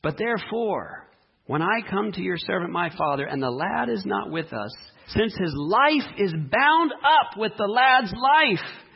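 A man preaching a sermon, reading scripture dramatically and speaking with emphasis and long pauses. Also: high-pitched, gravelly, husky, dull audio. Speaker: pastor.

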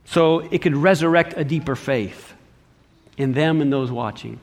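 A man's voice: fairly high pitch, unhurried. A man preaching a sermon, reading scripture aloud and adding short emphatic comments. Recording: long hall reverb.

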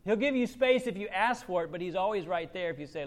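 A male pastor with a notably high-pitched voice delivers a sermon. He talks animatedly, swinging between loud, emphatic lines and hushed, near-whispered asides. He slips into quoted voices to make his points. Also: lively intonation, fast.

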